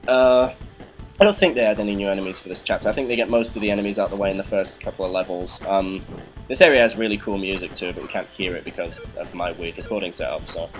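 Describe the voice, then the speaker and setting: A young man with a fairly low voice talks over a hard retro game he is playing, cursing at his deaths and laughing at himself. Faint game music plays behind him. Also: quick pace, low-quality recording. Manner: frustrated, swearing, laughing at himself. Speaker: let's play host. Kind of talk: casual game commentary.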